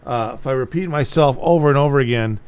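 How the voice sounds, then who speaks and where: A man's voice: mid-range voice, fast talker, darkish tone, smooth. A man giving a casual guitar lesson, talking bluntly and repeating himself to drive a point home. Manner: blunt, repetitive, plain-spoken. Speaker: guitar teacher.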